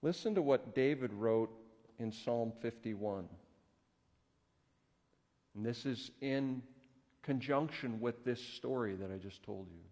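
A man's voice: mid-range voice, slow, pauses often, mellow. Pastor guy chatting through a bible story, folksy, mid voice, big echoey sanctuary. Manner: conversational, folksy. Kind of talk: storytelling sermon. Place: church sanctuary. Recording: echoey church hall.

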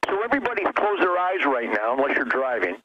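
A man's voice: mid-range voice, very animated, normal speed, lo-fi sound. A middle-aged man as a talk radio guest, giving a fiery, emphatic, preacherly rant.

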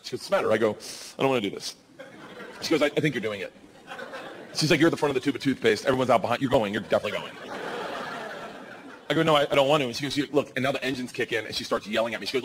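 A man in his forties telling a loud, animated stand-up story before a live audience. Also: medium pitch, very fast, pauses often, a little hiss or hum. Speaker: stand-up comedian. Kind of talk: stand-up set.

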